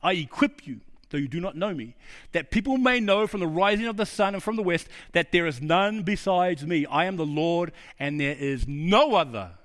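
Middle-aged New man preaching, high voice, earnest, confessional, drops quiet for emphasis. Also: expressive, moderate pace. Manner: earnest, personal storytelling with sudden drops to a low, quiet voice. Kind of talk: sermon.

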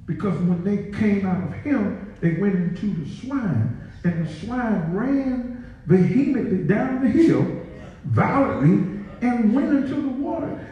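A man's voice: high voice, sing-song, measured pace. A man preaching a sermon as pastor, joking with the congregation and calling out to them. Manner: playful, joking asides, call-and-response with congregation. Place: large church sanctuary. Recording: very echoey hall, dull sound, from far off.

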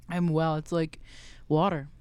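A man's voice: a little high, level tone, takes it slowly, darkish tone, smooth, no room sound. A man co-hosting a podcast, chatting casually and telling a joke, playful and laughing often. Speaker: podcast co-host.

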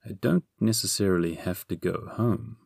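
A man voicing a gloomy, henpecked young physician who grumbles quietly in a storybook reading. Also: deep voice, normal speed, vocal fry, slightly rough, dry recording, clean studio sound, full character voice. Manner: glum, grumbling, muttered.

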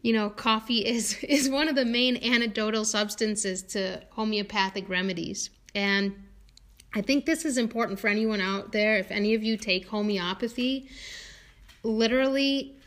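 Woman homeopath in casual chat; midrange pitch, loose and chatty with frequent ums and restarts. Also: normal speed, fairly bright tone. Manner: chatty, many fillers and restarts, laughs often. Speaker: homeopath and podcast guest. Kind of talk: casual conversational talk.

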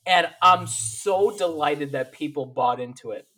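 A man co-hosting a casual podcast, reacting with jokes and quick asides. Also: a little high. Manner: animated, joking reactions. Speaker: podcast co-host. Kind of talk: casual chat.

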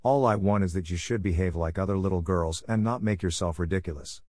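A man voicing a stern, brisk older spinster woman who talks in a curt, reproving way in a storybook reading. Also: deep voice, a little mellow, no room sound, studio quality, lightly acted. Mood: scolding.

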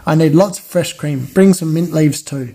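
A man's voice: a little high, moderate pace, mellow. Man voicing a fat, jolly mouse friar cook. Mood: excited.

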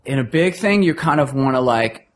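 A man's voice: mid-range voice, animated, normal speed. A man in his fifties from New York, a touring musician guest talking casually and rambling as he hunts for words. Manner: rambling, restarts often while searching for words. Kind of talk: casual chat.

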